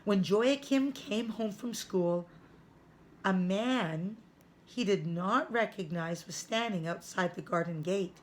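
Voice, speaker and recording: A woman teacher reading a chapter book aloud to children, careful and clear. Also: medium pitch, a little hiss or hum. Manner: slow, careful read-aloud.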